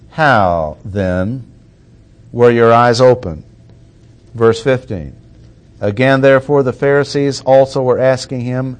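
A male preacher teaching through scripture at an unhurried, measured pace. He leans on key phrases and repeats them for emphasis. His voice sits in an ordinary middle range. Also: medium pitch. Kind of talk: expository sermon.

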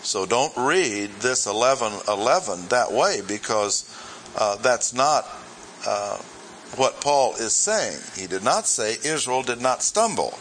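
A man teaching scripture verse by verse, slow and deliberate as he leans on each point. His voice is bright and lively, climbing high whenever he presses an emphatic answer. Faint room ambience sits behind him. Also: slight background noise, low-quality recording. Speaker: Bible teacher.

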